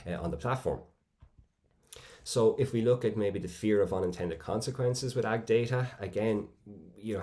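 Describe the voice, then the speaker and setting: A man presenting at a conference, speaking in a measured way with frequent fillers and restarts. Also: low-pitched, darkish tone.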